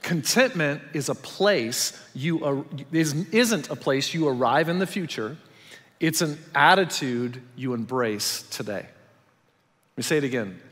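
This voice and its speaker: A man's voice: on the high side, a little slow. Man preaching animatedly in a reverberant hall. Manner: animated storytelling, acts out quotes with big swings from loud to hushed. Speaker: pastor. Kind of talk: sermon. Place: large church auditorium.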